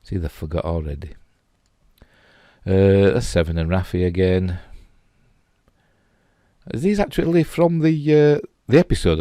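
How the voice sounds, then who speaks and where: A middle-aged man from England with a Yorkshire accent hosts, rambling casually and chuckling as he comments on pictures in a chatty way. His voice is low and darkish, captured as a clean studio recording with no room sound.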